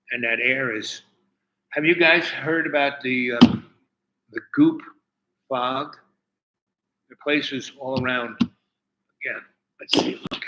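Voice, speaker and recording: A man's voice: medium pitch, lo-fi sound, noisy background. A man telling a rambling, profane story in a casual chat to his viewers as host. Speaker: livestream host.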